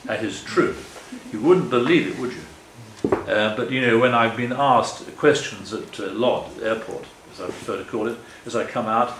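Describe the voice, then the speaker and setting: A man's voice: medium pitch, moderate pace, distant mic, noisy background. An older man giving a public talk with slides in a meeting hall, speaking earnestly and rambling, often correcting himself. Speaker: guest speaker. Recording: echoey room, faint ambience.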